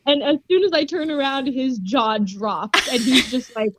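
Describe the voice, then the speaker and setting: A woman's voice: high voice, normal speed, hardly any pauses, noisy background. A young woman guest telling a story in a casual, giggly way, full of "like". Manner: giggly, animated, says "like" a lot. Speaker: podcast guest, grappler.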